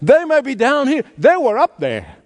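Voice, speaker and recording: A middle-aged man preaching a sermon, telling the story with animated energy and chuckling as he goes. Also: very high voice, moderate pace. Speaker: pastor.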